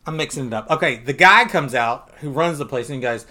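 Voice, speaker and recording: Man, podcast co-host, easygoing chatty recap with laughs, mid-pitched voice. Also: lively intonation, a little fast, pushed and bright. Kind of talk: casual comic book discussion.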